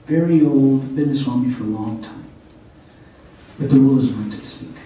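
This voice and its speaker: A man's voice: medium pitch, normal speed, dark tone. A man telling a spiritual story to a gathering, checking in with his listeners as he goes. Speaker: speaker at a spiritual center. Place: meeting hall of a spiritual center. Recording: echoey hall, voice from far off.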